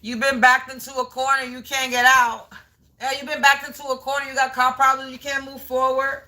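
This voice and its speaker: A woman's voice: high voice, little pitch movement, a little fast, bright, forceful tone. A woman doing a live tarot card reading as a spiritual reader, taunting and scolding a commenter and repeating her phrases.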